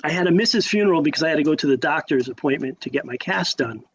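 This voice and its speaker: Animated older man, high voice. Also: fast talker, slightly rough, poor audio. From Connecticut, USA. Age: 60s. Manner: animated, acts out quotes, frequent restarts. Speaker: podcast guest. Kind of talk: casual storytelling.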